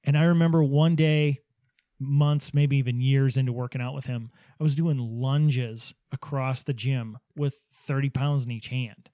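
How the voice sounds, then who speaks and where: A man's voice: medium pitch, steady tone, unhurried, mellow, no echo. A man in casual chat, telling anecdotes and acting out what people said, laughing easily. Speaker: podcast host, business owner.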